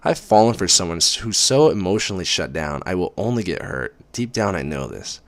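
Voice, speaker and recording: A man's voice: low voice, big pitch swings, a little fast, dry recording. A man reading a book aloud in the first person, breaking off for sarcastic, profane asides. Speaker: reader.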